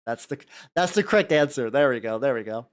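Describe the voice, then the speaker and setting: Animated hobby streamer, loose profane chatter, pitch swings widely between greetings. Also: a little fast. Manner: rambling, profane, repeats greetings to chat. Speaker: miniature-painting streamer. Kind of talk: casual livestream chat while painting.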